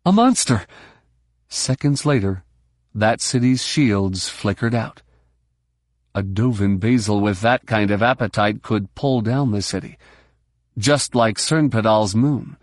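Steady male audiobook narrator. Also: fairly low pitch, no echo, studio quality. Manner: brisk, steady storytelling. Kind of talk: scripted narration.

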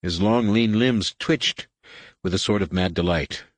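A man narrating an audiobook in a measured, dramatic storytelling manner. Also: sits low, no echo. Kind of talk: scripted narration.

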